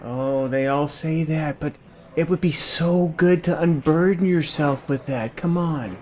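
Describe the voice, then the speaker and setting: A man co-hosting a podcast, playing a soothing, overly gentle counselor in an improv comedy sketch. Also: on the high side, unhurried. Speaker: podcast co-host.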